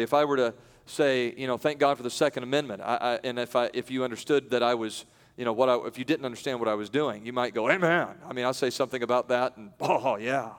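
Man preaching with sudden loud peaks. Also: medium pitch. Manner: swings from loud emphatic peaks to quiet asides; conversational, with self-interruptions and light laughs. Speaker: pastor. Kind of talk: sermon. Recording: long hall reverb.

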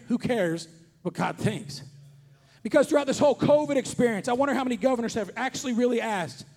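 A traveling preacher with a strikingly high, slightly breathy voice delivers a sermon before an audience in a conference hall. He speaks earnestly and repeats himself, rising to shouts to hammer home his key points.

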